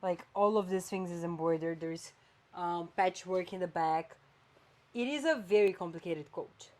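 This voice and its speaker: A woman's voice: lowish voice, moderate pace. Chatty woman podcast host. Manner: animated, chatty, swings between flat and emphatic. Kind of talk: casual chat.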